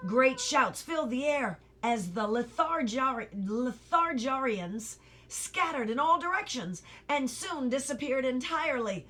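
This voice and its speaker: A woman reads a children's novel aloud at a slow, unhurried pace. Her voice is bright and a little high, and she slips into lively voices for each character. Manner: animated character voices, laughs and corrects slips. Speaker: reader.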